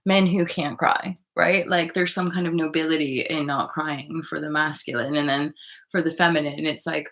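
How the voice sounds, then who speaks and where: A woman's voice: low voice, fairly even intonation, moderate pace, fairly bright tone. A woman hosting a live online stream, talking passionately in a rambling way, swearing and reading out viewer comments.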